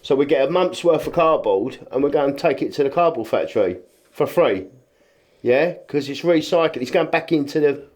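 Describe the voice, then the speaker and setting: A man, a rubbish clearance business owner chatting as a podcast guest, telling stories and acting out what people said. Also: on the high side, animated, fairly quick, darkish tone. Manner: plain, informal speech. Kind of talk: casual podcast chat.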